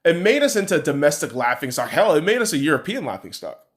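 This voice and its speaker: A man's voice: on the high side, big pitch swings, quick pace. A man hosting a podcast, giving a casual sports opinion rant in a blunt, profane and rambling way. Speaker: podcast host.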